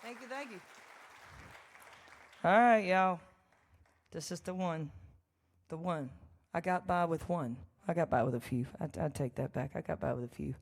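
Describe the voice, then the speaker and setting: A woman's voice: lowish voice, a little mellow. A woman telling a joking, chatty story to a live audience between songs. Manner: chatty, folksy and joking, with laughs and asides to the crowd. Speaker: songwriter performing live. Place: large church hall with a live audience. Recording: long reverb of a large hall.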